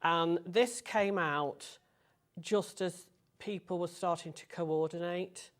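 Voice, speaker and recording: A woman's voice: on the low side, fairly even intonation, takes it slowly. Older woman designer recalling her work. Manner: friendly, reminiscing, short agreeing replies. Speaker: guest designer. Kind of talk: casual chat.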